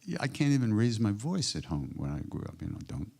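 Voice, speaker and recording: An older man from the United States tells spiritual stories to an audience. His voice is very low, gravelly and mellow, and he moves between a relaxed drift and sudden emphatic bursts. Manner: unhurried, warm-hearted anecdotes with emphatic bursts. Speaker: spiritual teacher answering audience questions. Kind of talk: reflective storytelling.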